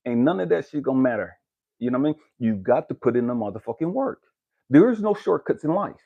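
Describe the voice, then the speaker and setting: A man speaking as a spiritual life coach, giving a blunt, cursing motivational rant to the camera that builds to shouting. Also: a little high, muffled recording.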